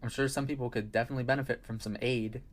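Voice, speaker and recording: A man's voice: medium pitch, steady tone, racing. A man giving sarcastic commentary, rambling into dry asides and mock-casual answers. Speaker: video essay critic.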